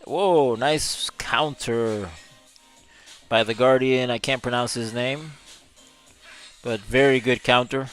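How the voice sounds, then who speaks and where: A man's voice: medium pitch, fairly even intonation, slow, long pauses, fairly bright tone, smooth, soft background music. A male gaming streamer giving live gameplay commentary in a chatty way, reading chat messages aloud and laughing often.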